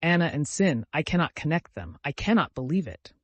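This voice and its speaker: A male audiobook reader voicing a warm-hearted noblewoman who pleads emotionally for her friend, in a raised, imploring voice. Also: on the high side, lively intonation, brisk, no echo. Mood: pleading.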